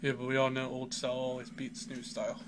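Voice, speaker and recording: A man chats on a casual podcast, rambling and enthusiastic, with plenty of "like" in his speech. His pitch sits mid-range for a man. A steady hiss sits under the recording. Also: quick pace. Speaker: podcast co-host. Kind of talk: casual chat. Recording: noisy home recording.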